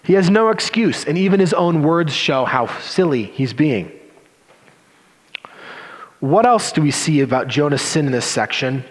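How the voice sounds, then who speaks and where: A male pastor preaches with a fairly high voice that climbs and dips with lots of expression. He drops into teasing, sarcastic asides. The sound carries a long reverb, as in a large hall. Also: lively intonation, a little slow. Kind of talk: sermon.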